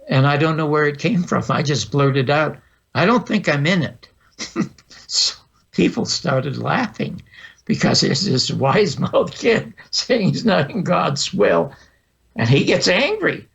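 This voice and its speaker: A man's voice: a little high, sing-song, slow, creaky, a bit bright, husky. A man in his eighties, a podcast guest telling vivid personal anecdotes and acting out the dialogue. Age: 80s. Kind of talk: storytelling interview. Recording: dull lo-fi audio.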